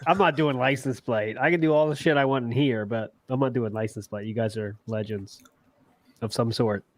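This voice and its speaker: A man's voice: mid-range voice, normal speed. A man co-hosting a podcast in casual chat, joking around and laughing often. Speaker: podcast co-host.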